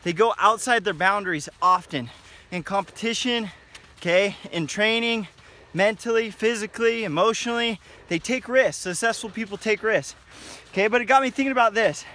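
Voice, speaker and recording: A man's voice: high voice, moderate pace, sharp tone. A middle-aged man, a wrestling coach, giving an emphatic motivational pep talk outdoors while on a run, often checking in with "okay?". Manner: emphatic, repetitive, tags lines with "okay?".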